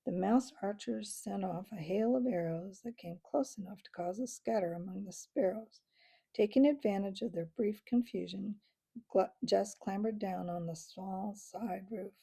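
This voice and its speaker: A woman reading a children's book aloud with expressive storytelling and small slips. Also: medium pitch, measured pace, gravelly, husky.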